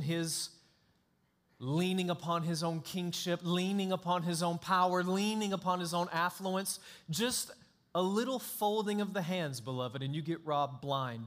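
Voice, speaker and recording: A male pastor preaching a sermon in an emphatic, dramatic way, swinging between hushed and loud. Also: on the high side.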